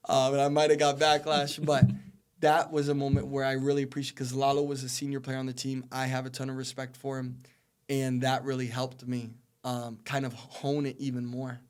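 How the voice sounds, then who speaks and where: A man's voice: medium pitch, monotone, a little fast, smooth. A man in his twenties, a podcast guest, telling long earnest stories about his soccer career in a rambling conversational way. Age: 20s. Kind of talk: casual interview storytelling.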